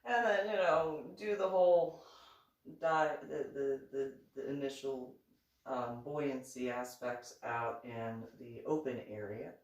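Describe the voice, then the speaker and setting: A woman's voice: a bass voice, takes it slowly, reverberant, recorded from a distance. A woman telling a casual story, acting out both sides of the conversation with lots of laughter and restarts. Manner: animated, acts out both sides of dialogue, laughs often, many restarts. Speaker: reverend reading and commenting on her diving memoir.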